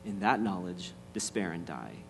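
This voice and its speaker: A man voicing a cruel, triumphant witch queen from a storybook, speaking in a hushed, low menace. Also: big pitch swings, moderate pace, creaky, slight background noise, full character voice. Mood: gloating.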